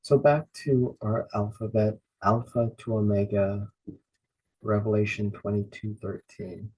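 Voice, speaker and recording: A man's voice: lowish voice, little pitch movement, a little slow, mellow, slightly rough, poor audio. A man teaching a beginners' lesson on Bible Greek, carefully repeating each word and spelling names out letter by letter. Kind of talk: slow, patient pronunciation lesson.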